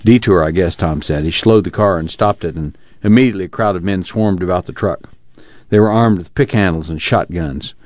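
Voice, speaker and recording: A man narrating a novel aloud for a radio reading service, steady and measured. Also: deep voice, dry recording. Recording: dry, slightly muffled studio recording.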